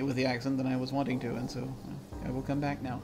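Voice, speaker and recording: A man's voice: mid-range voice, little pitch movement, fast, hardly any pauses, a bit bright. A man narrating a video game, thinking aloud and reading the game text in a casual way. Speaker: let's play host. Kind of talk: casual gameplay commentary.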